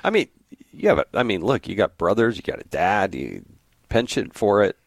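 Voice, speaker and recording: A man's voice: fairly low pitch, big pitch swings, moderate pace, vocal fry, no echo. A middle-aged man hosting a podcast, chatting casually and animatedly, often breaking in with side notes. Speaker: podcast host. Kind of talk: casual interview chat.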